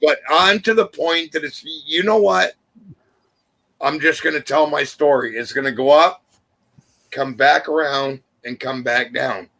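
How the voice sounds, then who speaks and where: A man in a casual group chat, telling his story in an earnest, unhurried way. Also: a little high, gravelly, sharp tone. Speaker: live chat panelist.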